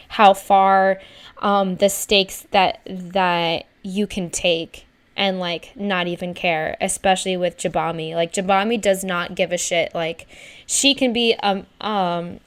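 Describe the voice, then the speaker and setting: A woman's voice: medium pitch, clean tone. A woman co-hosting a podcast in casual chat, rambling and hesitant as she works out her point. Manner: rambling, hesitant, restarts a lot. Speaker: podcast co-host.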